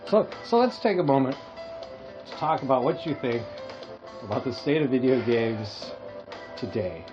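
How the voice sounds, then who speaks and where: A man from Hawaii rambles through comic stories on a casual podcast and laughs at his own jokes. His voice sits at a middling pitch. The recording is dull and lo-fi, with faint music underneath. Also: expressive, moderate pace. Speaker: podcast co-host. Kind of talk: casual comedic chat.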